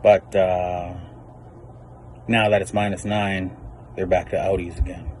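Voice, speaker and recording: Very deep, slow deadpan man. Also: slight background noise. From Saskatchewan, Canada. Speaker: stand-up weather reporter. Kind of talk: deadpan joke weather report.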